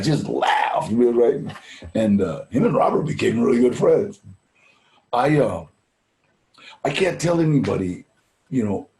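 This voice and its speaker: An older man with a medium-pitched, creaky, dark voice speaks as a guest at a recovery fundraiser, and the sound is roomy. He tells laid-back anecdotes casually, dropping "man" and "you know" while acting out the people in his stories.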